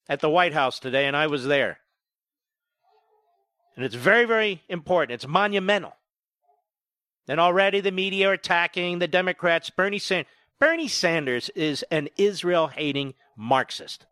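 A man hosting a political talk radio show, emphatic and indignant, firing off rapid points. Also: high voice, pushed and bright, clear, resonant tone, no echo.

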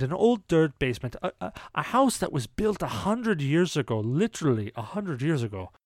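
Podcast host, male, slightly high voice, dry close sound, casual storyteller who laughs and stumbles over his starts. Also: no room sound. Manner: laughs often, stumbles and repeats words when starting a thought.

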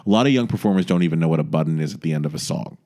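A man co-hosting a casual podcast chat, talking in an animated, gushing way with quick asides. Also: very deep voice. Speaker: podcast co-host. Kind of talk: casual chat about musical theater.

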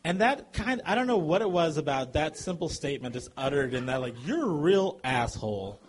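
A man telling a comic true story to a live audience, animated and chuckling as he goes. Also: fairly high pitch, a little fast.

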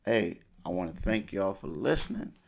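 A man's voice: low-pitched, very animated, moderate pace, vocal fry, a little mellow. A man hosting a sports talk show, speaking casually and conversationally, often repeating himself for emphasis. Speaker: sports podcast host.

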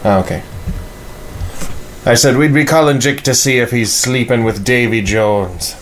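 Rambling, joking podcast host. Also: male voice, medium pitch, measured pace, a little hiss or hum. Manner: rambling, joking, frequent filler. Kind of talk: casual chat.

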